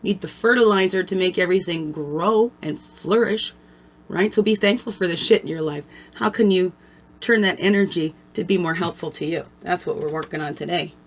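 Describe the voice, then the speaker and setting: A woman's voice: on the low side, moderate pace. Chatty woman giving a spiritual pep talk. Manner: conversational, keeps asking "right?" for agreement; blunt and earthy, mixes swearing with spiritual talk. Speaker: spiritual guide and channel host. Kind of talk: casual motivational talk to camera.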